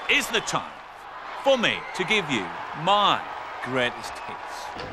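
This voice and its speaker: A man presenting rugby clips in lively, boisterous commentary, breaking into shouts. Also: on the high side, takes it slowly, a crowd in the background, background noise.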